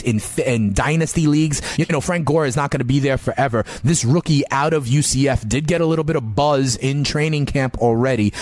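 A man giving fantasy football analysis in an emphatic, animated sports radio style. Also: medium pitch, dry recording. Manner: animated, emphatic, sing-song delivery.

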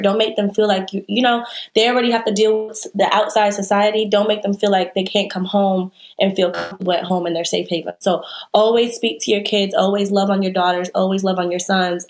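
A woman talks earnestly and from the heart in a candid interview. Her pitch sits in a middle range. Her speech is full of little fillers as she gathers her thoughts. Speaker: interview guest.

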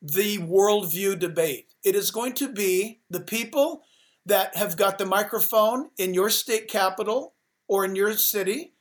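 A man who is a pastor, talking with sermon-like passion and driving, repeated phrases. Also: high-pitched. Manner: emphatic, rapid-fire repetition. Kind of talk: impassioned sermon-like talk.

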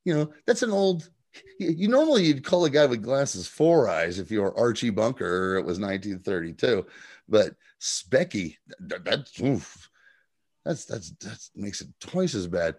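A man co-hosts a podcast in casual chat, laughing often and swearing freely. His voice sits fairly low, and he slips into quoted lines as he retells scenes. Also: lively intonation, measured pace. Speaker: podcast co-host.

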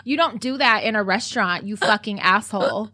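A woman's voice: medium pitch, brisk, bright, forceful tone. Blunt, foul-mouthed woman co-host. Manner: blunt, heavy swearing, acts out her own retorts. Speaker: podcast co-host. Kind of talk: casual chat.

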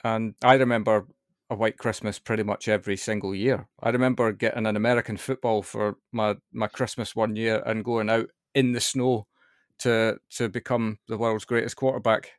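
A man's voice: lowish voice, level tone, normal speed, no room sound, clean studio sound. A Scottish man from Scotland hosting a casual interview, chatty and friendly, with self-deprecating jokes. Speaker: podcast host.

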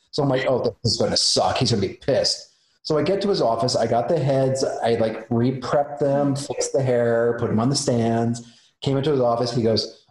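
Animated man telling a story, roomy sound. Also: medium pitch. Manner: animated, acts out the voices in his story. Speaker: special effects makeup artist. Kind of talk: casual storytelling. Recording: roomy echo.

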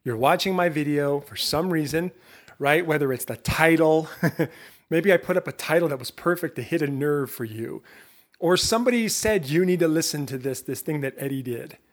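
A middle-aged man hosting his own podcast, giving a lively motivational talk straight to his listeners, full of rhetorical questions and self-interruptions. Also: on the high side, normal speed. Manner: self-interrupting, laughs at himself. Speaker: podcast host.

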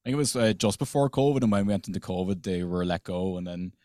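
A man's voice: deep voice, fast, dark tone, no echo, studio quality. An Irish man, a band member guest, chatting eagerly and agreeably about other musicians. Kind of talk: casual chat.

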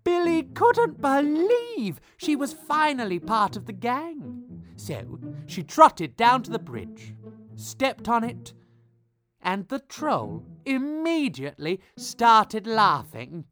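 A man tells a comic children's story in a playful, expressive way. He takes his time, and his pitch swoops widely from line to line. Quiet music runs underneath. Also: takes it slowly.

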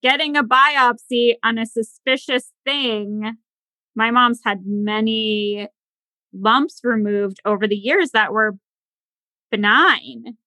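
A woman's voice: fairly high pitch, slow pace, pushed and bright, no room sound, rough recording. A woman hosting a podcast interview, talking in an emphatic, opinionated way. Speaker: podcast host. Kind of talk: casual interview chat.

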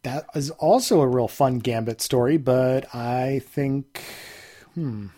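A man's voice: mid-range voice, slow, warm tone. A man co-hosting a podcast in an easygoing, agreeable way, thinking aloud as he talks. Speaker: podcast co-host. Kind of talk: casual chat.

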